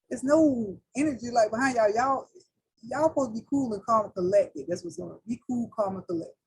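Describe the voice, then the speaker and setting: Woman, tarot reader, casual and slangy, husky voice. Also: fairly high pitch, brisk, darkish tone, poor audio. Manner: loose, slangy, talks straight to viewers as y'all. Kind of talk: casual spiritual reading.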